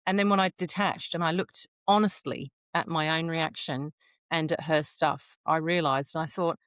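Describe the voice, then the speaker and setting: A woman's voice: low-pitched, steady tone, moderate pace, fairly bright tone, no echo, clean studio sound. A middle-aged woman, co-hosting a casual podcast chat, talking frankly and acting out her own inner thoughts. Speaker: podcast co-host.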